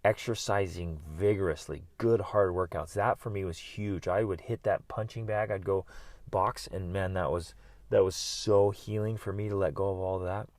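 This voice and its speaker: A man's voice: deep voice, fairly even intonation, moderate pace, dry recording. A middle-aged man hosting a podcast, talking alone in an earnest, encouraging way about working through pain. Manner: earnest and encouraging, with bursts of loud yelling. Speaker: podcast host and life coach. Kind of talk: motivational solo talk.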